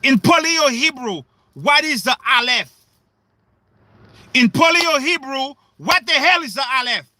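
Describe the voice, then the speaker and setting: A man preaching in a livestream sermon, questioning his listeners, repeating himself and breaking into shouts. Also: very high-pitched, expressive, unhurried, no room sound.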